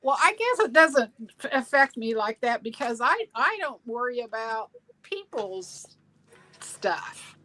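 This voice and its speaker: An older woman speaks her mind bluntly and matter-of-factly in a relaxed chat. Her voice is bright and a little high, and her pitch moves a lot. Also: measured pace, low-quality recording. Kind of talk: casual chat.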